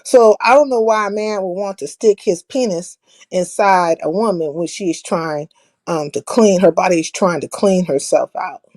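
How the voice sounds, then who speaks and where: A woman's voice: lowish voice, normal speed, a little mellow. A woman hosting a live stream, giving a blunt, profane monologue and laughing at her own jokes. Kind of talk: casual opinionated monologue.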